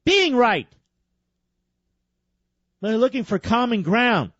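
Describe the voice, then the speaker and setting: A man's voice: very high-pitched, animated, slow, long pauses, a bit bright, dry recording. A man hosting a talk radio show, interrupting a played clip with sarcastic, combative commentary. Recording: dull lo-fi radio broadcast.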